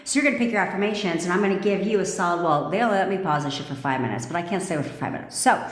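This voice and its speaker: A woman's voice: lowish voice, lively intonation, very fast. Blunt, swearing woman coach, echoey room. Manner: blunt, profane and commanding; laughs and jokes with viewers. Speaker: manifestation coach. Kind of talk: live-stream coaching talk. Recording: echoey room with long reverb.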